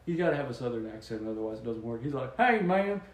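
A man co-hosting a podcast, rambling through absurd mock explanations in a deadpan way and laughing at his own jokes. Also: medium pitch, very fast, reverberant, rough recording. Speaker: podcast co-host. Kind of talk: joking casual chat.

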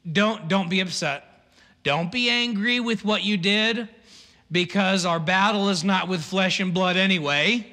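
A man preaching a sermon in an animated, conversational way, full of asides and laughs. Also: sits high, big-room sound. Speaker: pastor.

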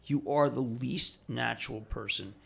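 An older man telling animated stories as a podcast guest, excitable, bursting into fast runs and acting out other people's lines. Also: mid-range voice, gravelly, breathy edge. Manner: excitable, fast bursts, acts out quoted voices. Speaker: guest, TV financial personality. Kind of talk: animated storytelling in a podcast interview.

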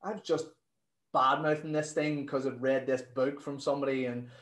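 A man talks like a nutrition coach on a podcast, animated and quick to swear as he tells his stories. His voice sits in a middle pitch. The room around him is echoey. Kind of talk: casual podcast interview.

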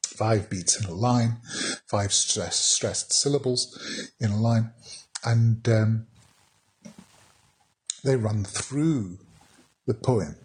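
A man's voice: on the low side, very slow, pauses often. A man teaching a casual poetry lesson, chatty and wry, with many restarts as he reads verse aloud. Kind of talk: informal spoken lesson on poetry.

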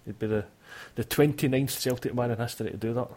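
A man's voice: mid-range voice, quick pace, darkish tone. A Scottish man chatting casually about football, opinionated and full of restarts, hosting a podcast.

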